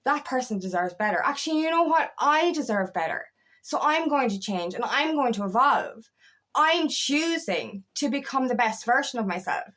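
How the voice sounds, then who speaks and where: Higher-pitched woman coaching bluntly. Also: fairly bright tone. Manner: raw, swearing, rambling and confessional with many restarts. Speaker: feminine empowerment coach. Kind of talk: candid motivational monologue.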